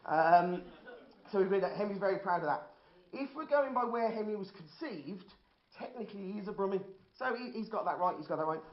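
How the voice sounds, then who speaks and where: With a high, animated voice and brisk delivery, this Birmingham comedian works through a dry, self-deprecating stand-up routine in an indoor hall. It's captured in a dull, roomy lo-fi recording.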